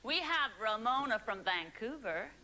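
A woman's voice: on the high side, big pitch swings, measured pace, poor audio. A woman hosting a studio game show, bubbly and teasing as she chats with contestants. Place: TV studio with live audience. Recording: 1990s TV broadcast with loud audience and noise.

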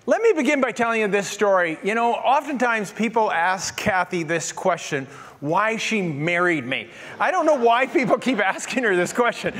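A man in his sixties delivers a sermon from the pulpit with a notably high voice. He tells stories with gentle, self-deprecating humor. His tone stays conversational and friendly. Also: animated, normal speed. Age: 60s. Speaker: pastor.

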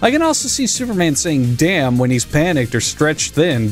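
A man's voice: fairly high pitch, big pitch swings, normal speed, few pauses, faint music behind. A man giving sarcastic, profane comedic commentary as a comic reviewer, mocking the story and playing characters in silly parody voices.

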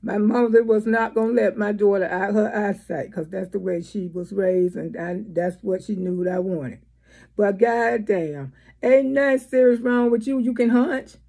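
A woman's voice: medium pitch, fairly even intonation, moderate pace, vocal fry, mellow, breathy edge. A woman giving blunt, profane, scolding commentary in a vlog. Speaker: vlogger.

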